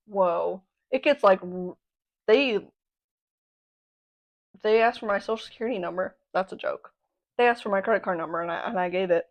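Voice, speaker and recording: A twenty-year-old woman hosting a podcast, telling a story in a playful, self-mocking casual chat with excitable exclamations. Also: medium pitch, moderate pace, long pauses, low-quality recording. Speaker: podcast host.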